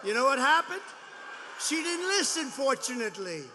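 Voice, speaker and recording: A man's voice: extremely high pitch, sing-song, moderate pace, long reverb tail, background noise. A man in his seventies giving a rambling, boastful, mocking campaign rally speech, repeating his phrases. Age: 70s. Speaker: politician speaking at a rally. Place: large rally venue.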